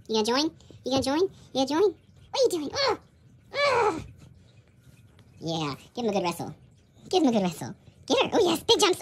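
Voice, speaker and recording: In this casual home video, a woman films her cats and coos at them in repetitive baby talk. Her voice is high-pitched, with a faint hiss or hum in the recording.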